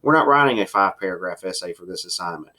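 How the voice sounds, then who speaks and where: Man, writing teacher, recorded lecture, very low voice, explanatory, slows for emphasis. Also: lively intonation, sharp tone. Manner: explanatory, varies pace for emphasis, occasional fillers.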